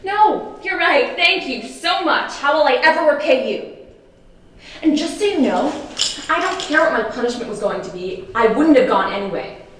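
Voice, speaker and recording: A woman's voice: a little high, big pitch swings, fairly quick, slight background noise. Young woman playing sardonic teen girl Jojo. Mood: sarcastic. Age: young adult. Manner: sardonic, bitter. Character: angry, sarcastic teenage girl Jojo. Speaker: high school student. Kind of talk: film narration and scene acting.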